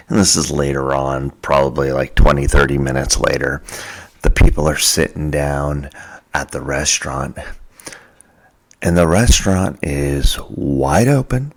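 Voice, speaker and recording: Man, very low voice, slow delivery, casual anecdote, plays the voices of people in the story. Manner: animated, jokey, acts out quoted people. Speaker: podcast host.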